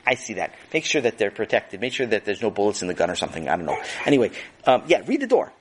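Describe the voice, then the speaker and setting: An eager, cheeky young boy from a storybook tale, played by a man. He rushes his words and trips over them in excitement. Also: on the low side, slight background noise, pitched below the performer's own voice.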